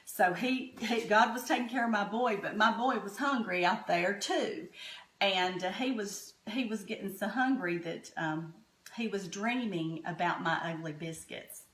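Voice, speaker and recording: A woman's voice: medium pitch, a little slow. A middle-aged woman with a Southern American accent, chatting homey and folksy while cooking in her home kitchen. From Southern United States. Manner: homey, chatty, warm-hearted storytelling. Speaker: home cook host. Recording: echoey kitchen room.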